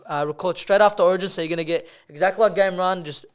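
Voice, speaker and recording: A young man co-hosting a podcast tells rambling, sweary stories and laughs as he goes, in a casual chat. His voice sits high and is smooth, with a quick pace.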